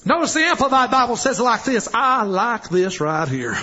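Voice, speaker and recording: A man preaching with fervor, his voice strikingly high and lively, swinging up into shouted exhortations. The tone is husky and breathy. The recording sounds dull and lo-fi. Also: normal speed. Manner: fervent, shouting exhortation with call-and-response phrases. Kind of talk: sermon.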